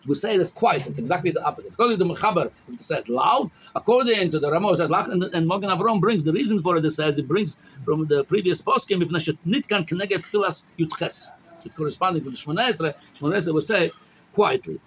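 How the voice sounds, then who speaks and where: A man's voice: a little high, expressive, quick pace, fairly bright tone, a little hiss or hum, poor audio. A man, a rabbi, teaching a daily law class, reading Hebrew sources and explaining them in English with many restarts. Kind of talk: halacha lecture.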